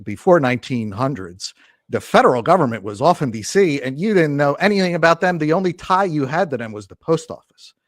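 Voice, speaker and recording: An earnest male guest makes his case with conviction in a relaxed interview. His voice sits a little higher than most men's, and it is recorded dry and close. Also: a little fast, dry recording. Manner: earnest, impassioned argument. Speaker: podcast guest. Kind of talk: casual conversational interview.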